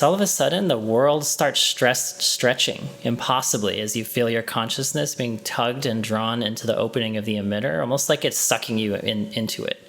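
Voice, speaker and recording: A man running a tabletop game as game master, narrating a scene slowly in the second person with frequent ums and restarts. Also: medium pitch, a bit bright.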